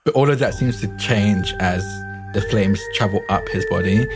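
A man with a fairly low voice, playing a tabletop game. He describes his character's change at length in a chatty, rambling way, full of fillers and laughs. Music plays clearly under his voice. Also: normal speed. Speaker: player.

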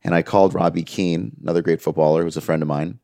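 A man's voice: sits low, fast talker, dry recording, studio quality. A man, an interview guest telling an earnest story and quoting the people he talks about. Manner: earnest, quotes others in lively voices. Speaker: music manager, interview guest.

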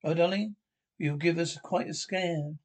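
A man reading a gentle devoted father. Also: a little high, unhurried. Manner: reads stage directions aloud before lines. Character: devoted middle-aged father and husband.

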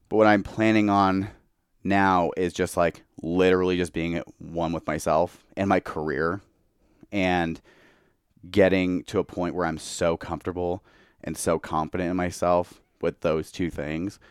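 Tipsy young guy, deep smooth voice, rambling candid chat, lots of "like". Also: little pitch movement, unhurried, no room sound, studio quality. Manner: candid, heavy use of "like". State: tipsy from tequila. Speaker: podcast guest. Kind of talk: casual chat.

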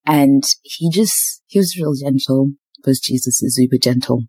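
With a very deep, darkish, slightly rough voice at normal speed, a young adult woman podcast host chats casually about her faith in a candid personal story. She uses frequent fillers like um and like, with no room sound.

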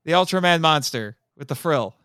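A playful man co-hosting a podcast with a slightly high voice that rises and falls a lot. His voice is clean and smooth. The sound is dry and close. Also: animated, normal speed, a bit bright, no echo. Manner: jokey, playful, laughs often. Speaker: podcast co-host. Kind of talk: casual chat reviewing a tokusatsu show.

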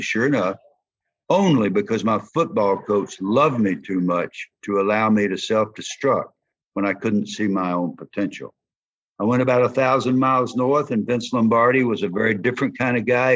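An older man with a Southern accent, a former football player telling folksy, animated stories in an interview. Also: on the low side, moderate pace, slightly rough. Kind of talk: storytelling interview. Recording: dull lo-fi sound.

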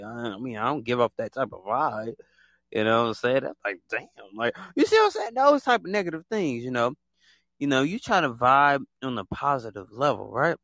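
A man rambles through a casual monologue to his listeners, his pitch swooping up and down as he gets animated. He circles back on his points and leans on fillers. The recording is close and dry. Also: no room sound. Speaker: podcast host.

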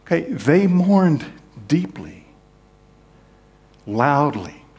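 A man preaching a sermon as pastor, earnest, moving between hushed, slow passages and emphatic, raised ones. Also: on the high side, very animated. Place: church sanctuary.

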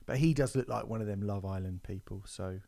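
A podcast host with a lowish, gravelly yet mellow voice talks a little fast in casual chat. He tells stories animatedly, working himself up into mock outrage and swearing along the way.

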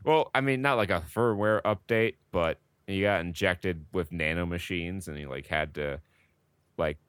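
A man's voice: low voice, moderate pace, a bit bright, clear, resonant tone, dry recording. A man co-hosting a podcast, speaking in a dry, wry, matter-of-fact casual chat. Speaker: podcast co-host.

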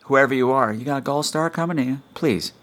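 A man's voice: medium pitch, quick pace, a bit bright. A man hosting his own podcast in casual chat, campy and teasing, scolding his listeners in a mock-stern way. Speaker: podcast host. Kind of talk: casual solo podcast talk.

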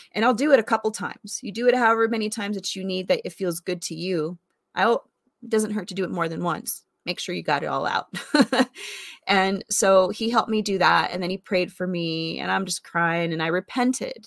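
A woman in her forties, recorded close and dry, talks through a personal testimony. She speaks earnestly and conversationally, with plenty of fillers, and her pitch sits in a middle range for a woman. She comes across as reflective and sincere. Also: no room sound. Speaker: vlogger sharing faith testimony.

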